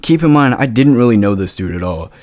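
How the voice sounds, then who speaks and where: A man's voice: mid-range voice, animated, fairly quick, darkish tone, no room sound. Laid-back young man with a dry, close sound. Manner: laid-back, filler-heavy, swears freely, keeps asking "right?". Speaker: YouTuber telling a story. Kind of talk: casual storytime monologue.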